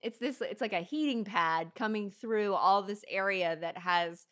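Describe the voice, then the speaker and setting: A woman in her thirties co-hosting a podcast, telling a story in casual chat, chatty and quick to laugh. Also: mid-range voice, fairly bright tone. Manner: chatty, laughs often, many fillers. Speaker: podcast co-host.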